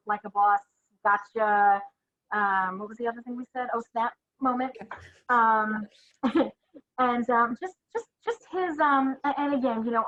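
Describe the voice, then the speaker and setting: Bright-voiced woman on muffled audio. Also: fairly high pitch. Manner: earnest, fan-like, hesitant fillers. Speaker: podcast co-host. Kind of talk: casual podcast chat.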